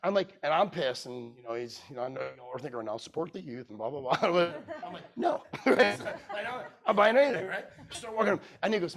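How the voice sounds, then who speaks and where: A man's voice: fairly high pitch, animated, a little fast, few pauses, fairly bright tone. A middle-aged man telling a sales story at a conference, acting out every line of dialogue. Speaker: keynote speaker. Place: conference room.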